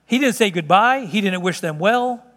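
A man preaching a sermon in an emphatic, conversational way, at times dropping to slow, hushed tones. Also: high voice, expressive. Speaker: pastor. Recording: long reverb of a large hall.

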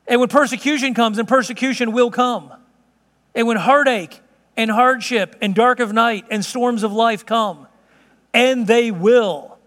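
Brief: male pastor, very high voice, chatty self-mocking sermon, long hall reverb. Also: fairly bright tone. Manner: conversational, laughs often, self-deprecating.

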